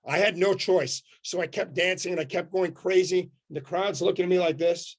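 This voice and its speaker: A man from Canada giving an energetic motivational talk on a video call, telling a story in punchy short sentences. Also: high-pitched, moderate pace. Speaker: motivational speaker.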